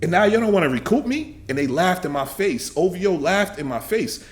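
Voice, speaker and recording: A man in his thirties hosting a reaction video, ranting angrily and profanely, repeating himself and shouting in bursts. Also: sits high, very animated, brisk.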